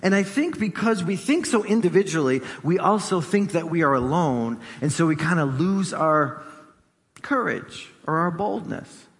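Male pastor, emphatic sermon delivery with repeated phrases, raised pitch, long hall reverb. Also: lively intonation, normal speed.

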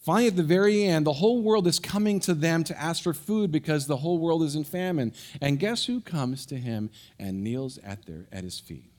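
With quick stumbles and restarts, a male pastor preaches, first recounting a story energetically, then going quiet and low to underline what he means.

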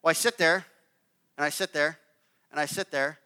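A man in his thirties gives a relaxed, storytelling sermon, often checking in with the congregation with a quick "okay?". His voice is bright and smooth, a little higher than most men's. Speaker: pastor. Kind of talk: conversational sermon.

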